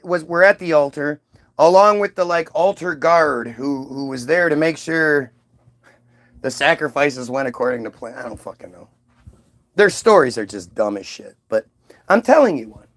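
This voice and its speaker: A man with a notably high-pitched voice talks through a loose, casual monologue. He rambles, swears freely and takes a mocking tone, circling back with asides and restarts. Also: expressive, normal speed, a bit bright. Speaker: commentator.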